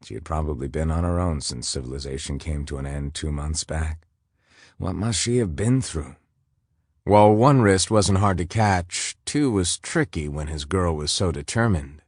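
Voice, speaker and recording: A man narrating a romance audiobook in a measured, intimate storytelling manner. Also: a bass voice, slightly rough, dry recording, studio quality.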